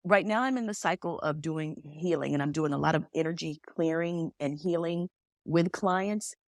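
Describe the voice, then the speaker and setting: A woman with a low voice speaks at a normal pace in a dry, clean studio recording. She's a medium appearing as a podcast guest, telling stories in conversation and animatedly acting out the quoted dialogue.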